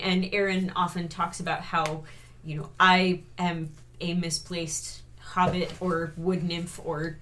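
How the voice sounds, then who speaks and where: A woman co-hosting a casual review chat, wry and critical, stretching words with dramatic pauses. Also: medium pitch, sharp tone. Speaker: co-host reviewing a TV series.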